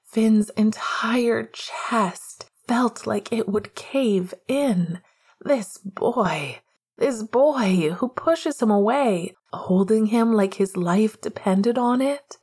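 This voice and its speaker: A woman reading romance narration in a hushed, half-whispered voice. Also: a little high, drawn-out words, husky. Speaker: audiobook narrator.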